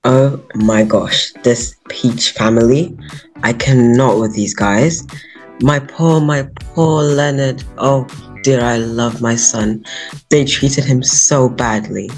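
Woman doing a deep snooty dad. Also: slow, a little mellow, soft background music. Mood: gossiping. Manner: haughty, catty remarks. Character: snobbish grumpy father of Leonard, man.

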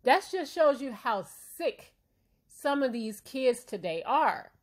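A woman's voice: high voice, very animated, slow. A woman who is a parent hosting a casual opinion commentary, talking bluntly and emphatically and often checking in with her listeners. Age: adult parent. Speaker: commentary channel host.

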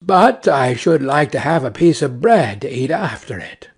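A man voicing a hungry, tired male shepherd's dog in a plain, lower voice. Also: sing-song, a little slow, breathy edge, heavily acted.

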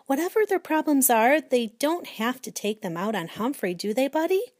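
A blunt, indignant husband in a children's storybook, as a woman reading aloud puts him on. He speaks up louder than the narration, in a dry, close sound. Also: sits high, sing-song, moderate pace, no echo, pitched above the performer's own voice. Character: older husband, a gruff retired man.

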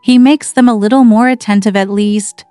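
A woman's voice: medium pitch, fairly even intonation, normal speed, warm tone, clean tone, dry recording, faint music behind, lightly acted. Brief: woman reader voicing a frail, spiteful teen boy; peevish, taunting; dry close read. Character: sickly spiteful teenage boy, whiny and taunting.

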